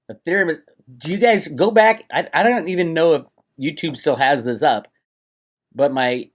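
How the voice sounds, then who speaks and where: Man on an angry profane rant. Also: mid-range voice. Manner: agitated, profane, sarcastic, ranting. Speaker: crypto commentator and channel host. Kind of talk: heated solo rant to camera.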